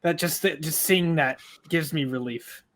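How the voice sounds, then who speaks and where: A man co-hosting a reaction video, expressive and swearing, groaning and marveling as he watches. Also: a little high, measured pace. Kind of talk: casual reaction commentary.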